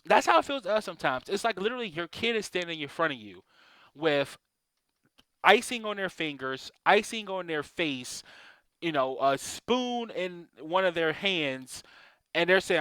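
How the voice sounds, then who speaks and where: A man rants casually to the camera, exasperated and swearing freely. His voice is bright and forceful and sits a little high. The sound is dry and close, with no room echo. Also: animated, moderate pace, smooth. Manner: exasperated, profane ranting. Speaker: vlogger. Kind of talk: casual ranting monologue.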